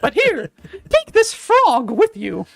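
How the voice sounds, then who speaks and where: A man voicing an old female swamp witch in a strained, high old-lady voice. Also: wildly swooping pitch, takes it slowly, gravelly, a bit bright, dry recording, exaggerated voice. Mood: fussy.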